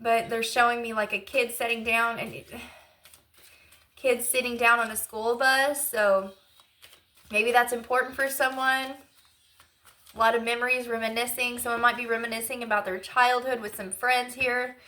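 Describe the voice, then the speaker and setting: This is a woman giving a channeled tarot reading in a relaxed, rambling way. Her voice is bright and rather high. She talks with open emotion and piles in fillers as she works through what she is sensing. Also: moderate pace. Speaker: intuitive tarot reader.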